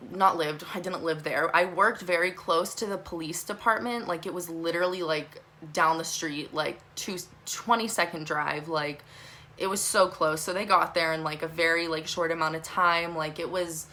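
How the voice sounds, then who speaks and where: A young woman telling a storytime vlog, talking fast and animated, swearing a lot and saying "like" often. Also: on the low side. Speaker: vlogger.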